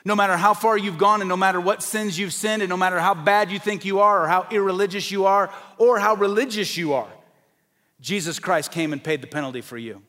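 A male preacher with a fairly high-pitched voice delivers an evangelistic sermon. He is emphatic, building to forceful, raised peaks and then dropping low, and he sometimes acts out the voices of doubters. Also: a little fast.

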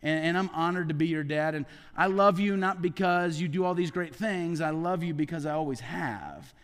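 A man in his forties preaching a heartfelt sermon, often dropping to soft, hushed tones for emphasis. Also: on the high side, moderate pace, long reverb tail. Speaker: pastor. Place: church sanctuary.

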